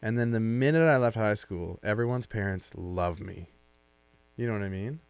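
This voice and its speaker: A man's voice: moderate pace, clean tone. A young man co-hosting a podcast in casual chat, playful and teasing as he tells stories. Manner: playful, teasing, swings in pitch. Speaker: podcast co-host.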